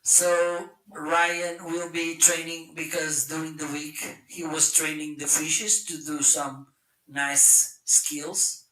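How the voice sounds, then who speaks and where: Slow, very bright-voiced joking man. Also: on the high side, flat delivery. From South Africa. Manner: playful, joking, unhurried. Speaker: live shopping show co-host. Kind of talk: casual live-stream product demo. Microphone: handheld mic through a speaker.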